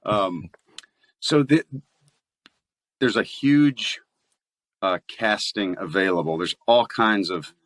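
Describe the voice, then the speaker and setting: Male voice actor guest, low-ish, dry close sound, chatty and playful. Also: slow, long pauses, no echo. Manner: chatty storyteller, laughs often, animated voice play. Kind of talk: casual podcast interview.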